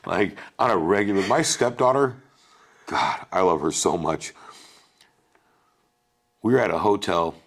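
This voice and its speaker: Deep-voiced man telling animated stories. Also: a little slow, gravelly, long pauses. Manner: animated, swears, says "bro" a lot; acts out family members' lines in his stories. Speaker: podcast guest. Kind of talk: casual storytelling.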